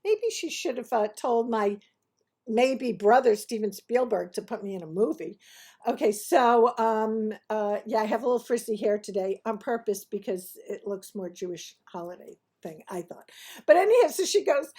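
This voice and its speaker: Chatty woman with a gravelly, husky voice. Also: medium pitch, normal speed. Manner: chatty and animated, laughing through the story. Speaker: host of a restaurant review TV show. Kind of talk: casual anecdotal storytelling.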